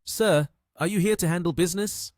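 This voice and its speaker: Man reading as young woman receptionist, friendly, eager, helpful, raised pitch, dry close sound. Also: a little fast, no room sound, natural voice.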